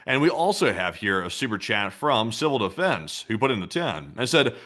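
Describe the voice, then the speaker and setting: A man from the United States co-hosting a livestream, telling stories haltingly with many fillers. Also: lowish voice, sing-song, pushed and bright. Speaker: news channel co-host. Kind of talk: casual livestream chat.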